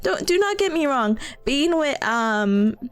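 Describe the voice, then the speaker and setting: A young woman streamer talks to her viewers in a high, bright voice. Her pitch swoops up and down as she tells the story with lively energy. She laughs easily and pokes fun at herself. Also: slow. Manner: animated, laughs often, self-mocking. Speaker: study streamer. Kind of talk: casual storytelling chat.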